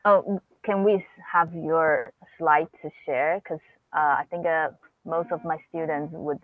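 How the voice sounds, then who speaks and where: A teacher moderating an online class speaks politely, pausing often with fillers. The audio is thin and phone-like, as if on a call line, and dry with no room. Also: medium pitch, no echo.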